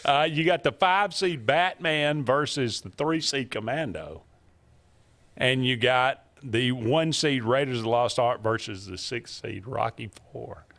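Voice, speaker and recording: Slow-talking man hosting sports radio. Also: mid-range voice, lively intonation, a bit bright. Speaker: radio show host. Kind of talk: casual sports talk chat.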